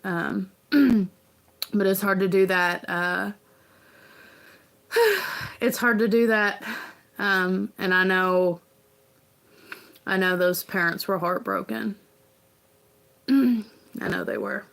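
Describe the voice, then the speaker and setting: A woman hosting a casual livestream, talking in an earnest, rambling, halting way as a parent. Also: medium pitch, vocal fry, fairly bright tone. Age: adult parent. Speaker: livestream host.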